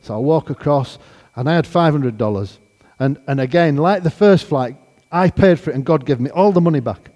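A man giving an animated storytelling testimony, acting out the conversations as he goes. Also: on the high side, fairly quick, long reverb tail.

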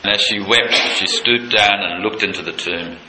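A male preacher giving a sermon, retelling a scene with passion, dropping low and quiet and then leaping high with excitement. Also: moderate pace. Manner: impassioned, leaps from low intimacy to high excited pitch. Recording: echoey room with faint noise.

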